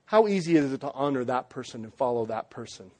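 A man's voice: medium pitch, expressive, fast, dark tone. A young man, a pastor, preaching a conversational sermon to his church, restarting phrases and adding light joking asides.

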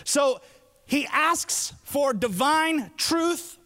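Animated high-voiced preacher in a hall. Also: male voice, extremely slow. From Alabama. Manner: animated preaching, acting out quoted prayers. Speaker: pastor. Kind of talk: sermon.

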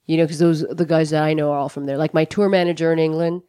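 A woman co-hosting a podcast, telling a story in an animated casual chat that is full of swearing. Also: low voice, fast talker, clean tone, dry recording, studio quality. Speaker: podcast co-host.

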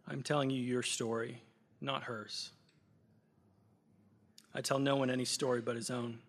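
A pastor reading aloud as a great solemn male lion in a story during a sermon, speaking in grave, measured declarations. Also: mid-range voice, little pitch movement. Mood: gentle.

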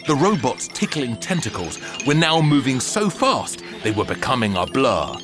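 A man narrating a children's story aloud with an expressive, theatrical delivery. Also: medium pitch, normal speed, over music.

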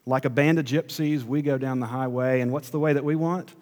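Preacher in a reverberant hall. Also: male voice, medium pitch, fairly even intonation, brisk. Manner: preacherly, swings between hushed and emphatic. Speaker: pastor. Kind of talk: sermon.

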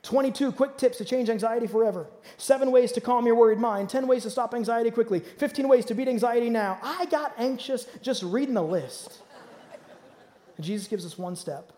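Male pastor, high voice, dynamic sermon delivery, long reverb of a church hall. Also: brisk. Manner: dynamic preaching, swings from loud to hushed. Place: church auditorium.

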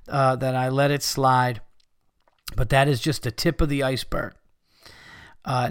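Give me a man hosting a podcast, reading listener emails aloud and cursing often with animated storytelling. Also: mid-range voice, clear, resonant tone, no room sound, studio quality. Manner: profane, laughing, animated storyteller. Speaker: podcast host.

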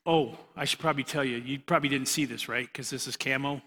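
A man's voice: medium pitch, steady tone, quick pace, pushed and bright, slightly rough. Chatty, joking man preaching in a hall. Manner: joking, chatty, laughs at his own asides. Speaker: youth Bible teacher. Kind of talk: casual preaching to a youth group. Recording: long hall reverb.

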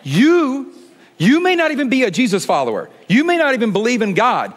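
A man preaching a sermon in a conversational way, full of rhetorical questions, often dropping to a quiet, low delivery for emphasis. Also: wildly swooping pitch, brisk. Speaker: pastor.

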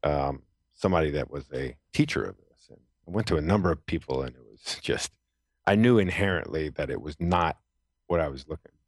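A man's voice: very deep voice, animated, a little fast, husky, no echo, studio quality. A middle-aged man, a military veteran, telling his story as a podcast guest in an earnest, rambling way with many fillers and restarts. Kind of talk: casual storytelling interview. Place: Los Angeles.

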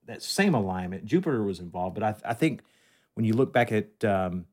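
A man's voice: lowish voice, expressive, brisk. A man hosting his podcast in casual chat, joking with a dry, sarcastic tone into a studio microphone. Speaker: podcast host.

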